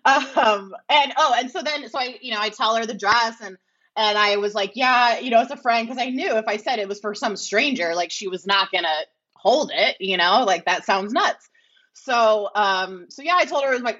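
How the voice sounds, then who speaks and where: A woman's voice: mid-range voice, a little fast, fairly bright tone. A woman guest tells a long story in a casual, rambling way, full of filler words. She replays each exchange in quotes. The recording sounds slightly dull and lo-fi. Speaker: podcast guest.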